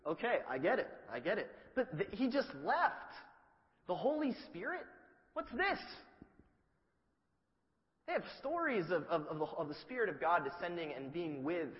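A man preaches a sermon with a lively, swooping voice that sits a little high. He tells the story with humor and acts out little asides. The recording is dull and lo-fi, and a long hall reverb trails each phrase. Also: normal speed, pauses often.

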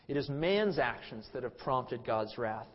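A man preaching an expository Bible sermon, stressing words loudly and then trailing off quietly, often repeating himself. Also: medium pitch, animated, unhurried. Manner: emphatic, swings between loud stresses and quiet trailing phrases, repeats words. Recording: dull sermon recording with long hall reverb.

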